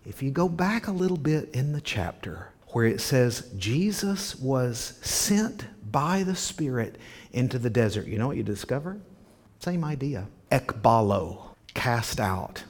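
Animated male preacher, lively pitch. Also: a little slow. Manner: animated, acts out quoted voices. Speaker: pastor. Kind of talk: sermon.

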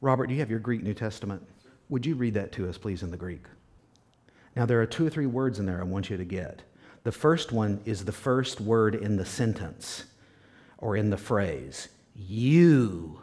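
A man's voice: fairly low pitch, expressive, normal speed, darkish tone. A man preaching a sermon as pastor, emphatic and repetitive, sometimes dropping to a near whisper. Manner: emphatic, repeats key words, drops to a whisper at times.

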